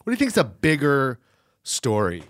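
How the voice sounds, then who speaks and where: A man's voice: medium pitch, huge pitch swings, moderate pace, no room sound. A man co-hosting a casual podcast, giving dry, sarcastic takes. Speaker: podcast co-host. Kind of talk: casual banter.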